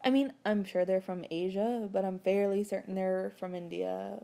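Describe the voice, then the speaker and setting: Mellow-voiced woman rambling through a recap. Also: mid-range voice, steady tone, moderate pace, vocal fry. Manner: rambling, chatty, laughs often, swears freely. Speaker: podcast host. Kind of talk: casual book recap.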